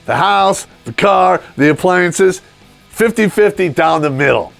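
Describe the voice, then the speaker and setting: A man's voice: high voice, expressive, unhurried, gravelly, a bit bright, faint music behind. A man hosting a video, delivering a crude, sarcastic comedic rant with laughing asides. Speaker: vlog host. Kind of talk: ranting comedic monologue.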